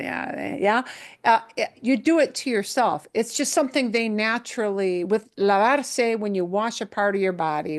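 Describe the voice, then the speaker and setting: A woman teaching a Spanish lesson, explaining patiently and often checking in with her students, mixing English with Spanish examples. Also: mid-range voice. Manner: slow, patient explaining with many checks like "right?". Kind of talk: live language lesson.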